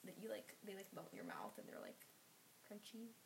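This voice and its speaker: A young woman co-hosting a casual podcast, giggly and animated, often trailing off mid-sentence. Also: medium pitch, fairly quick, gravelly, noisy background. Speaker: podcast co-host.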